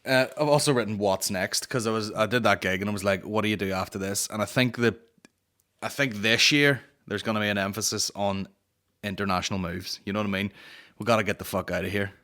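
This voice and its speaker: A man's voice: lowish voice, fairly quick, bright, forceful tone. A young man hosting a comedy podcast, ranting casually in rambling, profane banter. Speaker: podcast host.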